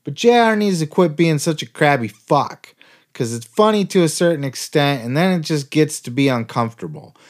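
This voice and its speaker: Guy with a highish voice ranting on his podcast, sarcastic, swears nonstop. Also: expressive, moderate pace. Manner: heated, sarcastic, swears constantly. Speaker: podcast host. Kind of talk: profane ranting podcast commentary.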